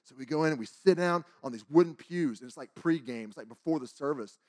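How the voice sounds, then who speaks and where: A man in his forties shares a church testimony in a lively, casual voice and acts out every line of dialogue. His voice sits higher than most men's. The talk sounds loose and conversational. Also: quick pace. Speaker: church speaker. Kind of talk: testimony storytelling.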